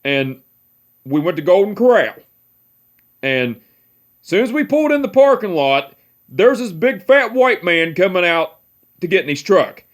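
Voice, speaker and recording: A man's voice: high voice, very animated, a little slow, long pauses. Laid-back young man telling stories. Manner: laid-back, profane, laughing at his own stories. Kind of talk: casual family storytelling.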